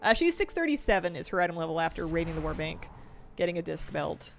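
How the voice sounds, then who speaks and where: A woman's voice: lowish voice, very animated, fast, gravelly, soft background music. Giggly young woman streaming a game. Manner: chatty, giggly, answers chat. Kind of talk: casual gaming stream chat.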